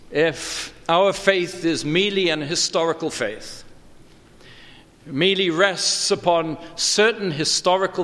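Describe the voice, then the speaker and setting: Measured preacher in a reverberant hall. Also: male voice, a little high, a bit bright. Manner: measured expository preaching with emphatic stresses. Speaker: pastor. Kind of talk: sermon.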